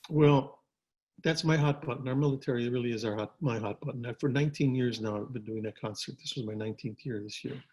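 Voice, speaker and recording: An older man, an actor, telling stories in a relaxed interview from his home over a video call, with frequent restarts and repeated words. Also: mid-range voice, fast talker, breathy edge, highs cut off. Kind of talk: casual storytelling interview.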